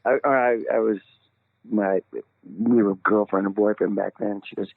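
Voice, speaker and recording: An older man, a singer calling in as a guest, telling a story in an animated way, laughing often and jumping up high when he quotes himself. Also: normal speed, vocal fry, no room sound. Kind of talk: casual phone interview storytelling. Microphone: phone call. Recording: tinny phone line, dry.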